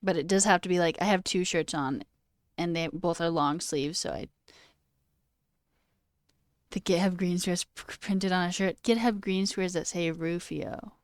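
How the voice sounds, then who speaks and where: Young woman, streamer, casual chat, laughs a lot, low-ish voice, dry sound. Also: fairly even intonation, a little slow, pauses often, no echo. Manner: chatty, laughs often, says okay and all right a lot. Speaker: livestream host.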